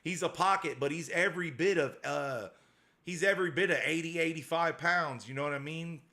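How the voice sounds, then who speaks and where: A man's voice: fairly high pitch, a little fast, pushed and bright. A man hosting a casual livestream as a dog breeder, reading out viewer comments in a slangy, repetitive way.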